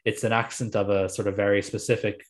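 A man's voice: lowish voice, fast. A man with an Irish accent, telling stories in casual podcast chat and swearing freely. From Ireland. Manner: animated storytelling, swears freely.

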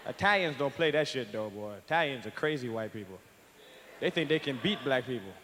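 A man performing live stand-up comedy, brash, profane and animated. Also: medium pitch, normal speed, slight background noise. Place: large live venue. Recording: echoey live hall with loud crowd.

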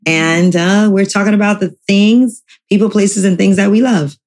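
A woman's voice: medium pitch, moderate pace, darkish tone. A woman in her forties co-hosting a podcast, chatting casually and teasing her spouse with frequent laughter. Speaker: podcast co-host. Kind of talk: casual chat.

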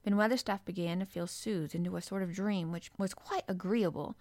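A woman narrating a children's storybook in a measured, expressive reading. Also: lowish voice, no echo. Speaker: audiobook narrator.

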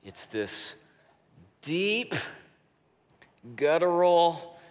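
A man preaching a sermon as pastor, in a slow, deliberate way, often dropping his voice soft for emphasis. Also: fairly high pitch, sing-song. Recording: long reverb of a large hall.

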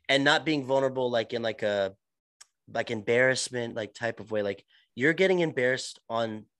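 A young man talks casually about acting, circling back on himself with fillers and restarts. His voice sits at a middle pitch, recorded close and dry with no room sound. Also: fairly bright tone, no room sound. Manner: rambling, many restarts and fillers. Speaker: actor. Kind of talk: casual podcast chat.

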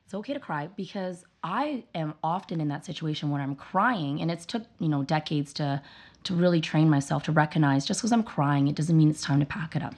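Low-voiced woman, earnest and emphatic. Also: expressive, a little fast, darkish tone. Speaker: guest, parent sharing her views. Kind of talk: casual interview conversation.

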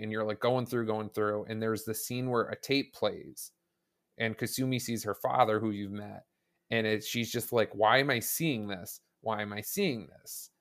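A man chatting on a casual podcast as a guest, enthusiastic and rambling, often restarting his sentences. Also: fairly low pitch. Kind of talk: casual podcast chat about a video game.

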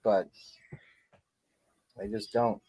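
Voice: medium pitch, fairly even intonation, drawn-out words, dark tone, no room sound, low-quality recording. A podcast co-host in a casual sports chat who drops dry, wry remarks.

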